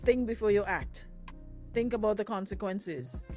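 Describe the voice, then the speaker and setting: A woman's voice: mid-range voice, normal speed, darkish tone, faint music behind. Frank woman radio host. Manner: frank, reads listener letters, laughs easily. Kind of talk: radio advice talk.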